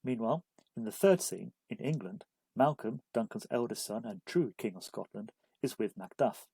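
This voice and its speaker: Mellow, husky man narrating a study guide. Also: mid-range voice, animated, moderate pace, no room sound, poor audio. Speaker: literature explainer. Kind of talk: scripted narration.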